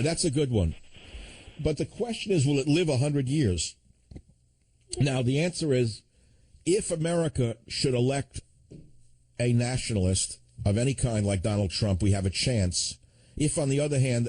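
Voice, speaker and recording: A man's voice: medium pitch, darkish tone. A man hosting a call-in radio show, talking in a combative, sardonic way with chuckling asides. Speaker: radio talk show host.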